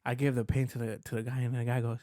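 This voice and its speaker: Man, middle pitch, dry close sound, rambling casual chat. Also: flat delivery, very fast, warm tone, no room sound. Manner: rambling and profane, restarts his sentences. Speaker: podcast co-host.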